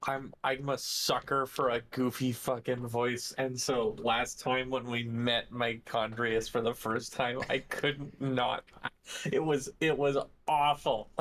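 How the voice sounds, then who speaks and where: A man's voice: mid-range voice, little pitch movement, slow pace, fairly bright tone. A man, a player, chatting casually at a tabletop game, giggly and stumbling over his words, with casual swearing.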